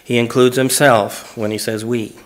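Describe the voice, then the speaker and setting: A man's voice: mid-range voice, level tone, moderate pace. A man, a pastor in church, teaching through a Bible passage verse by verse, reading each verse aloud and explaining it phrase by phrase in plain, conversational words.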